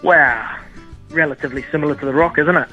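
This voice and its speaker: A grumpy caller played by a man speaks with a New Zealand accent, blunt and scornful in every word. His voice is bright and sharp but comes through a muffled, dull phone line. Faint music plays underneath. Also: fairly high pitch, fast talker.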